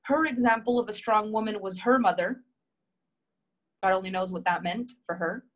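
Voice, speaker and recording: A woman's voice: medium pitch, moderate pace, muffled recording. Woman coach, live session reading viewer comments, emphatic, heartfelt, repetitive. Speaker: relationship coach.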